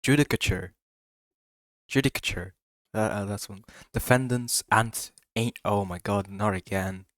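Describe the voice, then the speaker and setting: With a fairly low voice and a measured pace, barely pausing, a man does casual let's-play commentary, reading game text aloud. Giggly and excitable, he trips over his words; there's no room sound, just game music behind him.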